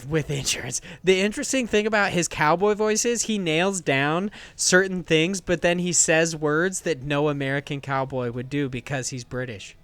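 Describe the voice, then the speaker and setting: A man's voice: on the high side, normal speed, few pauses, a bit bright, clean tone, no echo. A man hosting a games podcast, chatting casually and enthusiastically, rambling with restarts. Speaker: podcast host.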